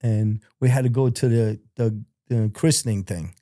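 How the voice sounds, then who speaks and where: Middle-aged New man, mellow dark voice, lively profane storyteller, dry close mic. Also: fairly low pitch, normal speed, no echo. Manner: animated, profane, laughs through his stories. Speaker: interview guest. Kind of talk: casual storytelling.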